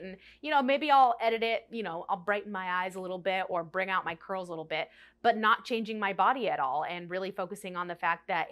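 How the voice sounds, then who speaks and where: A woman's voice: medium pitch, fast, a bit bright. A young woman in her twenties talking candidly and emotionally to camera in a personal vlog, often quoting her own past thoughts aloud. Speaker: vlogger. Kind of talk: personal confessional chat to camera.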